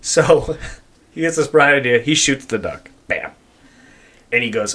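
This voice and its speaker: Man, podcast host, casual chat, animated, laughing, acts out quotes. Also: medium pitch, measured pace.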